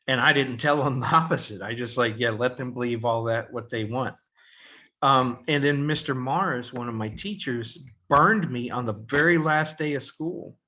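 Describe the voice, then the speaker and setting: A middle-aged man tells a story on a casual podcast, his voice bright and forward. He acts out the other people with lively voices. The audio is a little dull and lo-fi. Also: medium pitch, normal speed. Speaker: podcast co-host, father.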